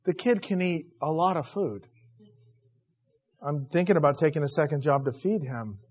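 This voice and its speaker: Man preaching, high voice, animated storytelling, muffled lo-fi audio. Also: normal speed, slightly rough. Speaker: pastor. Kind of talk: sermon. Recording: dull lo-fi recording.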